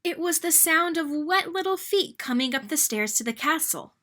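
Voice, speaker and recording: A woman reading a children's picture book aloud in an expressive, sing-song storytelling manner. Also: high voice, normal speed, slight background noise.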